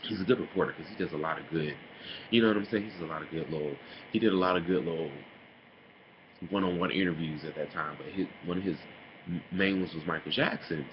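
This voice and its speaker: A man in a casual opinion vlog, talking in a sassy, animated way and mocking others with put-on impressions. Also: low-pitched, fast talker. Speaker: vlogger. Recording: dull lo-fi home recording with noise.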